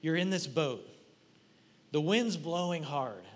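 A preacher with a voice a little high for a man gives a slow, lively sermon of guided imagery, leading his congregation through a scene they are asked to picture. He addresses them directly in an animated, playful manner, teasing and questioning as he goes. A long reverb carries his voice through a large hall.

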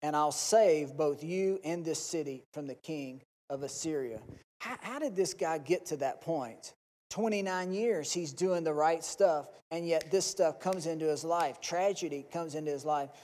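A man's voice: a little high, normal speed, a little mellow. A man preaching a Sunday sermon with passion, acting out pleading prayers in rising and falling bursts. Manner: impassioned, acts out pleading prayers. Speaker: pastor. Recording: long reverb.

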